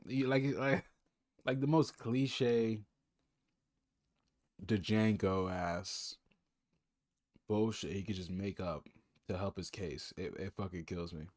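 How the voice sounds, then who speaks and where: A man's voice: low-pitched, slow pace, pauses often, a little mellow. A man streaming, reacting to a clip with mocking, sarcastic commentary.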